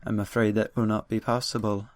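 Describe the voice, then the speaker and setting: Man putting on a slow, grave doctor, vague odd accent, game voice. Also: on the low side, flat delivery, no echo, studio quality, natural voice. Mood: calm, grave. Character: male doctor speaking with an odd put-on accent.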